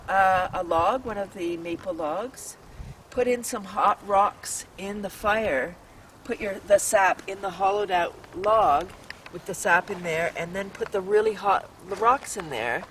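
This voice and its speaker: A woman hosting an outdoor tour vlog in a maple forest, bubbly and exclaiming, laughing often and leading breathing exercises. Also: lowish voice. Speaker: host. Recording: distant mic, faint outdoor hum.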